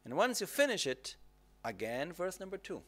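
Calm guy teaching meditation, kinda high voice, keeps asking "okay?". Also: moderate pace. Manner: calm, repetitive instructive phrasing, checks in with "okay?". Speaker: Buddhist teacher. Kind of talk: dharma teaching on retreat.

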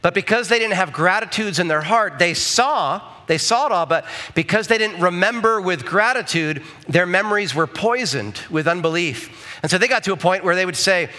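A man's voice: high-pitched, lively intonation, normal speed, sharp tone. A male pastor preaching a conversational sermon in church, often checking in with the congregation with asides.

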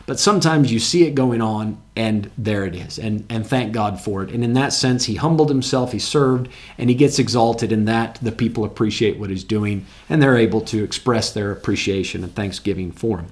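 A male pastor delivering a sermon to his congregation in a church. His voice sits in a middle pitch, and his manner is earnest and conversational. He often doubles words as he searches for the phrase, then punches out the old-style scripture verses with emphasis. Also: normal speed, few pauses.

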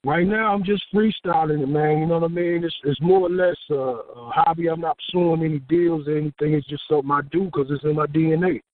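A man talking as a guest in a relaxed, casual way about what he does now. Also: on the high side, fast, few pauses, no room sound. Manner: relaxed, shrugs things off. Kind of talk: casual chat. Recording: tinny phone line.

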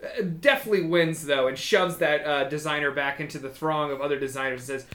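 A man's voice: on the high side, fast, pushed and bright. A man narrating as game master of a tabletop game, in a loose, rambling way full of fillers. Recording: echoey room.

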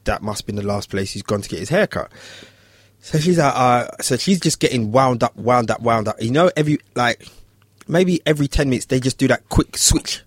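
Speaking a little fast in a clean studio with no room sound, this barber tells a casual story. He gets animated and does the characters in high-pitched voices.

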